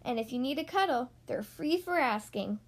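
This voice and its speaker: A woman reading as a soft, cuddly toy lamb. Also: sits high, lively intonation, normal speed. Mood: comforting.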